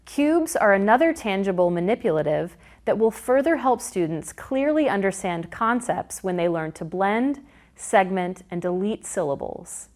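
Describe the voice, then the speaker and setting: A woman narrating a phonics lesson for teachers in a slow, clear way, sounding out words syllable by syllable. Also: medium pitch, animated, darkish tone. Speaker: teacher trainer. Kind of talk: instructional narration.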